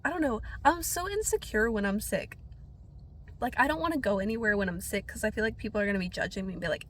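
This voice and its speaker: A woman's voice: medium pitch, animated, fast talker, fairly bright tone, a little hiss or hum. A young woman vlogging casually to camera while sniffly from being sick, rambling and self-deprecating with lots of filler words. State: sniffly from a cold.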